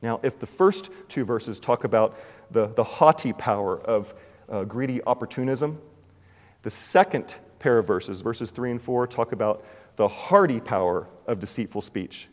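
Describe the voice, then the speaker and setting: A male pastor delivering a sermon with lively storytelling, jumping in and out of scenes and playing with puns. His mid-pitched voice carries through a large hall with a long reverb tail. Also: moderate pace. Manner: animated storytelling, acting out scenes.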